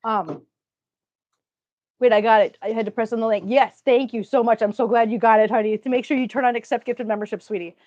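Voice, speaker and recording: A woman's voice: fairly high pitch, fairly even intonation, brisk, dry recording, lo-fi sound. A woman with a Minnesotan accent hosting a casual livestream, chatting with viewers and telling stories. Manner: chatty, storytelling, greets viewers warmly. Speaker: livestream host.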